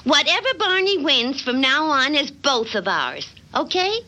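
An actress voicing a sweet, cheerful young cartoon housewife who talks in a chirpy, giggly way. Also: female voice, high-pitched, big pitch swings, a little slow, pushed and bright, full character voice. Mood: warm.

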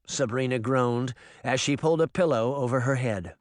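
A man reading an audiobook in expressive storytelling narration. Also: mid-range voice, moderate pace, dry recording, studio quality. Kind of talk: scripted narration.

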